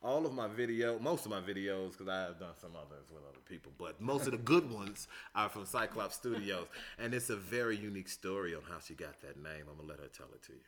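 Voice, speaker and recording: A man chatting casually as a guest, joking and laughing between halting phrases. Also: sits low, animated. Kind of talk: casual chat.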